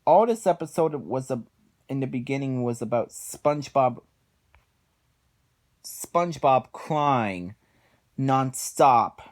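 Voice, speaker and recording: A man's voice: mid-range voice, expressive, slow, long pauses. A man giving a casual spoken review of cartoon episodes, exasperated, sighing often and rambling through his points.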